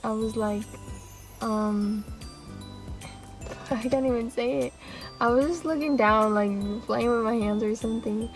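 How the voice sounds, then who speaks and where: Young woman vlogger, rambling animated storytime, slightly high voice, light music bed. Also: measured pace, pauses often, poor audio. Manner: rambling and animated, with laughs and acted-out quotes. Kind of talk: casual storytime.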